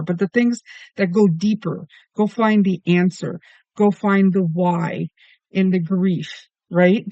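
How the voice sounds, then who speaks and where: A man's voice: sits high, a little mellow, no room sound, highs cut off. A man giving a solo tarot reading, talking earnestly and with emphasis, asking question after question. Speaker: tarot reader.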